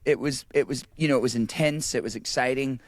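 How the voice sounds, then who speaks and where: A man talks as a guest on a podcast, rambling comfortably and restarting his sentences. He is heard over a video call with a dry, close sound. His pitch sits in a middle range. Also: brisk, no room sound. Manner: relaxed, rambling, with frequent restarts. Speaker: guest musician. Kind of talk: casual chat.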